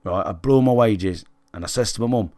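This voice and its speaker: A British gaming livestreamer tells his chat a candid story, speaking bluntly and conversationally with plenty of swearing and checking in with viewers. His voice is on the low side, a little mellow and fairly quick, with a dry, studio-quality recording.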